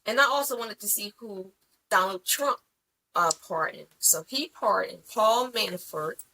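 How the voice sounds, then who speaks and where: A woman co-hosting a podcast in casual chat, talking bluntly and profanely with animated storytelling. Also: medium pitch, a little slow, a little hiss or hum, poor audio. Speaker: podcast co-host.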